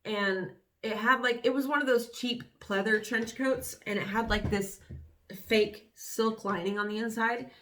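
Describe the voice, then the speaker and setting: A woman's voice: fairly high pitch, fairly even intonation, a little slow, fairly bright tone, slight background noise. A young woman vlogging casually, reading aloud from her old journals with candid, wry remarks and lots of fillers.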